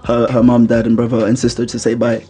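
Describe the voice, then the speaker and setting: A man's voice: medium pitch, monotone, fast talker, mellow, husky. A young man hosting a casual radio chat, telling stories in a slangy, laid-back way and laughing as he talks. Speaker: radio host.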